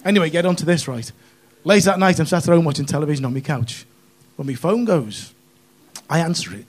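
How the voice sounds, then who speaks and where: A man's voice: on the high side, expressive, fairly quick. A middle-aged man from northwest England with a northwest English accent, doing a stand-up comedy set in a chatty, cheeky way with lots of tag questions. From Runcorn, northwest England. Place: comedy club stage.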